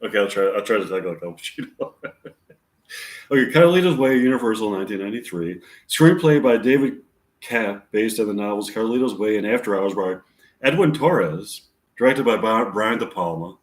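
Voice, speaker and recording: A man's voice: on the low side, animated. A man reading his own screenplays aloud and introducing the scenes, stopping and restarting as he goes. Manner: rambling, halting restarts. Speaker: amateur screenwriter. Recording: echoey room.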